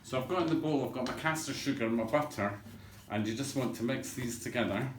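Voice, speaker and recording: A man's voice: mid-range voice, quick pace, slight background noise. Man, home cooking host, cheeky rambling patter; echoey kitchen with pots and dishes clattering behind. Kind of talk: chatty cooking demonstration.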